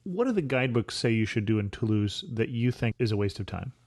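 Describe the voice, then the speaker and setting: A man's voice: fairly low pitch, expressive, a little fast, a little mellow, no room sound. Dry-sounding male podcast host. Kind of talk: interview questions.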